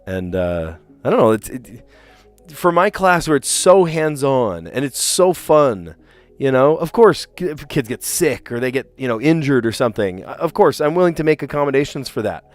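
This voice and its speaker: A man who teaches school, chatting casually on a live stream, his voice sore and hoarse, ranting with lots of fillers and restarts. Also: medium pitch, sing-song, normal speed, dry recording, faint music behind.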